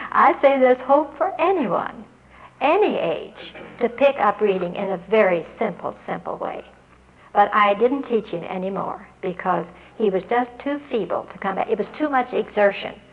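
A woman telling an audience how she taught a student to read. She speaks earnestly and spells out letters and their sounds slowly. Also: mid-range voice, narrow, tinny audio. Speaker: literacy teacher giving a talk. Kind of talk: storytelling address to an audience.

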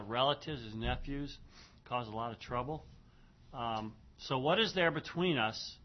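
A man teaching a class, reading verses aloud slowly, translating and explaining grammar with frequent "okay" and "notice". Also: mid-range voice. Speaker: Hebrew Bible teacher. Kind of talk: classroom lecture reading and parsing Hebrew. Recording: dull lo-fi classroom recording.

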